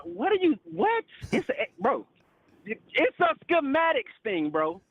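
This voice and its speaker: A man's voice: extremely high pitch, huge pitch swings, takes it slowly, husky, narrow, tinny audio. A male caller on a call-in show, ranting in frustration, swearing and repeating "bro" and "literally.". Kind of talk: heated call-in rant.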